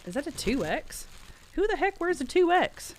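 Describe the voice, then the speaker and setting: A woman hosting a casual unboxing livestream, excited and laughing often. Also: extremely high pitch, moderate pace, slight background noise. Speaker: livestream host.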